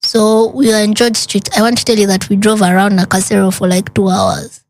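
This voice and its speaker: An earnest woman shares a hard personal story as a guest. She talks in a lively way, slipping into the voices of the people she quotes. Her voice sits in an ordinary middle pitch. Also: fairly quick. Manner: animated retelling with quoted dialogue, earnest.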